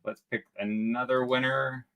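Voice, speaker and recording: A man's voice: mid-range voice, little pitch movement, moderate pace, gravelly, fairly bright tone. A man hosting a casual travel livestream, chatty and joking as he reads viewer comments aloud. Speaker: travel channel host.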